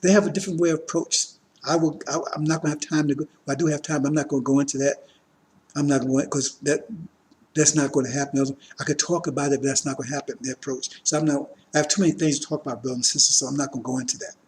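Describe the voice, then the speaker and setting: Fast and fairly even in intonation, this man's voice sits on the high side. He's a religious teacher preaching a political lecture to his congregation, talking emphatically, throwing out rhetorical questions and regularly checking on his listeners.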